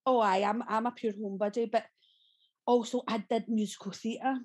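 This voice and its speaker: A woman's voice: fairly high pitch, fairly even intonation, moderate pace, a little mellow. A Scottish woman in her thirties with a Glaswegian accent, an actress telling stories in a casual podcast interview, chatty, laughing often and swearing freely. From Scotland. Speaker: guest actress.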